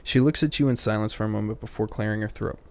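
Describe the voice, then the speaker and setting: Gravelly young man reading game text. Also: lowish voice, quick pace, a little mellow. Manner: reads game dialogue, breaks off with crude jokes and muttered asides. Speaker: let's play host reading game text. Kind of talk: casual let's play, reading story dialogue aloud.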